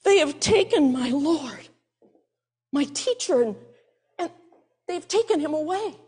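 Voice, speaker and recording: A woman's voice: high-pitched, expressive, a little slow, darkish tone, voice pushed up. A woman voicing a grieving young woman who pleads in a broken, tearful way at a tomb during a sermon retelling. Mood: pleading, grieving. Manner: tearful, pleading, breaking off and repeating words.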